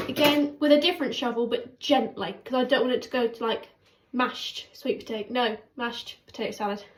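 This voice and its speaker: A woman chatting casually while she cooks, rambling and poking fun at herself. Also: sits high. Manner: chatty, rambling, self-mocking. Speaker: cooking vlogger. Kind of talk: casual cooking chat. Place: home kitchen. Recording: echoey kitchen with background noise.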